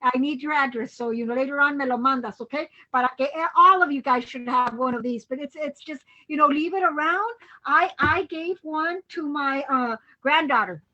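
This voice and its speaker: A woman's voice: high-pitched, normal speed, sharp tone. An older woman, chatting in a rambling way on a video call with many fillers. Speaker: panelist. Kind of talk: casual chat on a video call. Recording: dull lo-fi video call audio.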